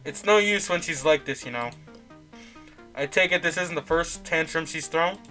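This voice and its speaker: A man voicing a trio of helpful female demon hounds in a game, giving calm, matter-of-fact advice. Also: a little high, normal speed, faint music behind.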